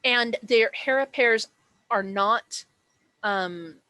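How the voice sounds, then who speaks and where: A woman's voice: on the high side, drawn-out words, sharp tone, no room sound. A woman acting as game master, explaining dice rules and describing the setting in a chatty way, with many fillers and self-corrections.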